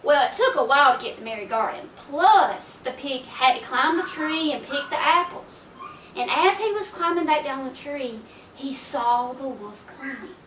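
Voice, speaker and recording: A woman's voice: sits high, lively intonation, normal speed, fairly bright tone, a little hiss or hum. A woman retelling a folk tale aloud, folksy and chatty, with asides to her listeners. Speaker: storyteller. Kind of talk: oral storytelling retelling. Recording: roomy echo from a distant mic.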